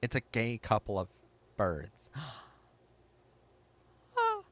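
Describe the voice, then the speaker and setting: An excitable man hosting a casual livestream, reading chat aloud and reacting with gasps. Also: lowish voice, takes it slowly. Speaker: livestream host.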